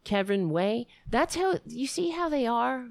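A woman giving casual political commentary, sarcastic and mocking, now and then putting on high voices to mimic others. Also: lively intonation, unhurried, vocal fry, no room sound.

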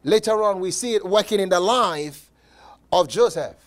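A man preaching a sermon as pastor, emphatic, with repeated words and dramatic pauses. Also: high-pitched.

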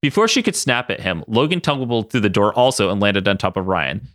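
A man's voice: on the low side, expressive, a little fast, a bit bright, no room sound, studio quality. A man podcast host reading a comic story aloud, laughing as he reads.

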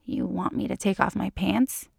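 A woman's voice: medium pitch, fairly even intonation, normal speed, vocal fry, slightly rough, no echo, studio quality. A woman voicing a flustered male agent, speaking in a wry, hesitant way.

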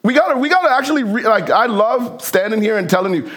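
A man preaching a sermon in a conversational, animated way, acting out Bible characters with casual asides. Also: high voice, fast talker, few pauses. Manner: conversational, uses slang and fillers. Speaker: pastor.

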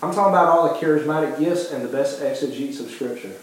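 A man's voice: a little high, fast. Impassioned preacher man in echoey hall. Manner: impassioned preaching with repeated restarts and quoted dialogue. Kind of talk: sermon.

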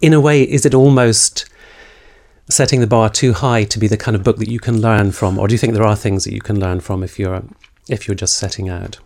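A man hosting a book podcast, asking measured questions. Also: on the low side, steady tone, vocal fry, darkish tone. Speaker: podcast host. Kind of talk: discussion.

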